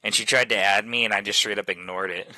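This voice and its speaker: Man with a very bright, dry voice. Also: fairly low pitch, fairly even intonation, fast talker, dry recording. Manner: loose and profane, full of "like" fillers. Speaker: host chatting with friends on voice chat. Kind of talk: casual storytelling chat.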